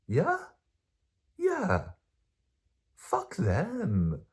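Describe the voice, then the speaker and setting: A young man vlogging to camera in a rambling, sweary way, swinging between hushed and loud. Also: lowish voice, big pitch swings, takes it slowly, pauses often.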